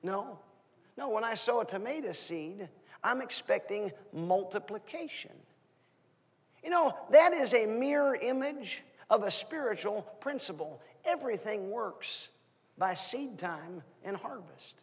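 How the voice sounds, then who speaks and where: A man in his thirties preaching a sermon as guest minister, asking the congregation questions in an animated way. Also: high voice, a little slow, husky, long reverb tail. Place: church sanctuary.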